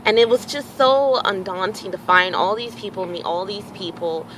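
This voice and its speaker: A woman telling a personal story in a casual, animated way, acting out bits of dialogue and swearing freely. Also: mid-range voice, normal speed, slight background noise, rough recording. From Houston area, Texas. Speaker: vlogger.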